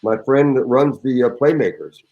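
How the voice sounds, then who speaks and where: A man's voice: mid-range voice, normal speed, phone-quality sound. Theatrical older male storyteller. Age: around 70. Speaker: actor and guest. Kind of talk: reading a memoir anecdote and casual chat.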